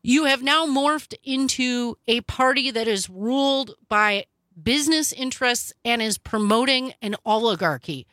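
A woman hosting political talk radio, sarcastic and animated, with quick asides. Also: on the high side, no room sound. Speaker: radio talk show host.

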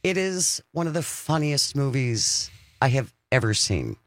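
A man hosting a call-in radio show, chatting casually and slowing down to read out the phone number. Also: mid-range voice, sing-song, no room sound. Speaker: radio talk show host.

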